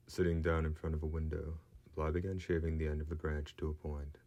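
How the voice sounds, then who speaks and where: A man narrating an audiobook in a steady, even storytelling manner. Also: extremely low pitch, fairly quick, few pauses. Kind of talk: scripted narration.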